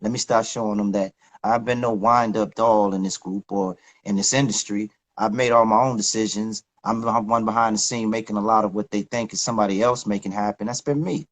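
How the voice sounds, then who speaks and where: A man's voice: lowish voice, steady tone, a little fast, few pauses, low-quality recording. Candid middle-aged man, reflective guest. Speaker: guest, recording artist. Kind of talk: casual interview talk.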